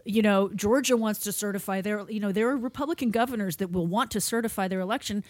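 A woman's voice: mid-range voice, quick pace, no room sound. A woman in casual political discussion, matter-of-fact and reassuring.

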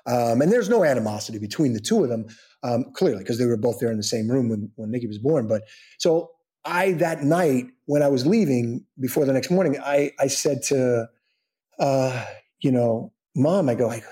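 Animated and brisk, with a warm mid-range voice, this interview guest casually tells a long personal story. His telling rambles, with frequent restarts and quotes he acts out.

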